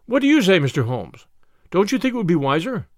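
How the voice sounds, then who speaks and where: A man reading an audiobook, voicing a brash, hurried male lawyer who talks loudly and insistently. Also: high-pitched, big pitch swings, dry recording, studio quality. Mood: pushy.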